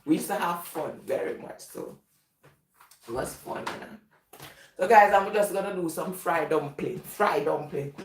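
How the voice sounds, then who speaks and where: A woman's voice: on the low side, lively intonation, measured pace, a little hiss or hum. A woman with a Jamaican accent telling casual, rambling stories and laughing often. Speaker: vlogger. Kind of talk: casual storytelling. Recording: echoey room, voice from a distance.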